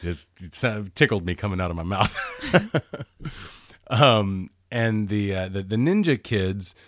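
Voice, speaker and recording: A man with a lowish voice talks through a film in relaxed podcast chat. He picks apart scenes with a chatty, analytical bent and laughs easily. The sound is dry and close, with no room around it. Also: slow pace, no room sound. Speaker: podcast co-host. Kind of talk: casual movie commentary chat.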